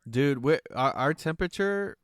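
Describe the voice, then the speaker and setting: A man's voice: fairly high pitch, expressive, normal speed. Man joking emphatically on a podcast. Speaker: podcast co-host. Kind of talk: casual chat.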